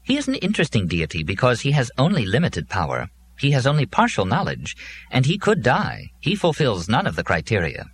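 A man's voice: mid-range voice, wildly swooping pitch, a little fast, husky, pitched above the performer's own voice. A man voicing a pedantic, long-winded male robot that lectures with precision. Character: fussy pedantic male robot, wordy and earnest.

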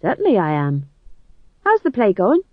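A man's voice: sits high, wildly swooping pitch, normal speed, dry recording, narrow, tinny audio. A man doing a shrewd, money-minded young actor. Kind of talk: audiobook narration.

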